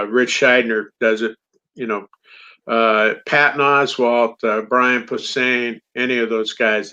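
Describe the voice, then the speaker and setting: Middle-aged male comedian, animated anecdote teller with a bright, forceful tone; dull lo-fi recording. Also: medium pitch. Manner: animated anecdote teller, acts out quoted dialogue. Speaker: comedian guest. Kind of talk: storytelling in a podcast interview. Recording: dull lo-fi sound.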